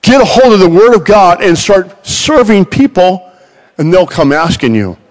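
Middle-aged male preacher, lively sermon storytelling, slightly high voice, reverberant hall sound. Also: normal speed. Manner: animated, storytelling with acted quotes.

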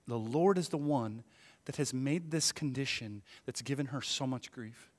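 A male pastor preaching a conversational sermon. He swings from hushed asides to loud, emphatic peaks and asks the congregation many rhetorical questions. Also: medium pitch, moderate pace. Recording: long hall reverb.

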